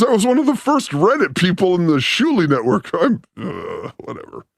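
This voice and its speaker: A man co-hosting a casual reaction chat, laughing often, talking loud and animated, and mimicking people he talks about. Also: sits high, moderate pace, gravelly, no room sound, clean studio sound. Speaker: podcast co-host.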